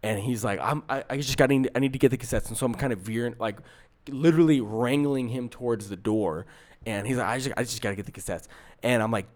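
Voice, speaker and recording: A man's voice: mid-range voice, fast, a little mellow. A man co-hosting a podcast, telling a story in casual chat and acting out the quotes, with many restarts. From San Francisco area. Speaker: podcast co-host.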